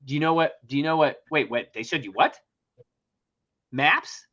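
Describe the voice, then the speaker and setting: A man's voice: fairly high pitch, moderate pace, pushed and bright. A middle-aged man hosting a casual talk show, telling a story animatedly, acting out dialogue and swearing often. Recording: dull lo-fi sound.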